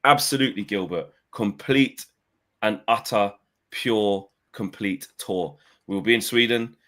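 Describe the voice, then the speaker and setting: A man's voice: lowish voice, measured pace, a bit bright. A man co-hosting a casual fan podcast, bantering and reading messages aloud.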